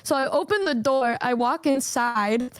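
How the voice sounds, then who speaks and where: A young woman with a fairly high voice tells a rambling personal story in a casual streaming chat, acting out other people's lines in a brighter, higher pitch. The sound is dry and close, with no room around her. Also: measured pace, smooth, no echo. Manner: animated, acts out quotes in a higher voice, swears casually.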